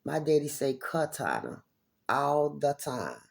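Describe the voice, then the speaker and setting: Woman vlogger, gravelly husky voice, profane confrontational rant aimed at the audience. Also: sits low, very animated, takes it slowly, a little mellow. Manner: profane, confrontational, repeats herself. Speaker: vlogger addressing viewers. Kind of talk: angry direct-to-camera monologue.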